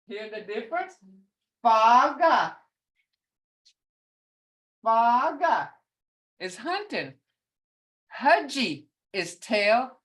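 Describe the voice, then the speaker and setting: An older woman teaching a beginner language class over a video call, speaking slowly and patiently, often chuckling as she repeats each word. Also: fairly high pitch, fairly bright tone. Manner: slow, patient, repeats words to model sounds; chuckles often while explaining.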